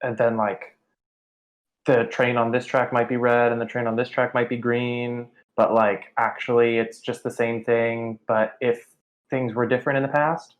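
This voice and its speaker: Tabletop player explaining earnestly, halting, middle pitch, dull lo-fi mic. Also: little pitch movement. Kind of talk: in-character tabletop play.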